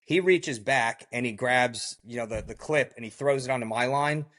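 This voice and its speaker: Guy on a podcast telling his story, lively, acts out what people said, lots of "like" and "you know". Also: medium pitch, normal speed. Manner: heavy use of "like" and "you know". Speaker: podcast guest. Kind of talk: recounting a survival story in a podcast interview.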